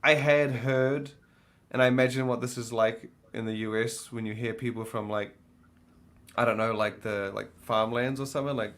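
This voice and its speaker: A man's voice: mid-range voice, fairly even intonation, moderate pace, a bit bright. A man with a New Zealand accent, a podcast panelist rambling in casual chat and swearing freely.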